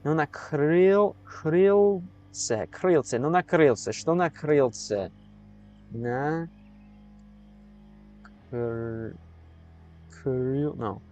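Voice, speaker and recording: Halting American man streaming. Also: a little high, lively intonation, dark tone. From United States. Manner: halting, repeats words, sounds out foreign phrases slowly. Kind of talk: casual live-stream commentary.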